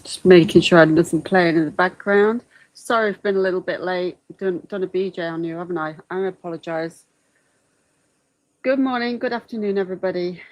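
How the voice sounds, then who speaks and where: Speaking briskly in a lowish voice, a woman rambles casually on her livestream about a trial, tossing in apologetic asides. The recording is rough.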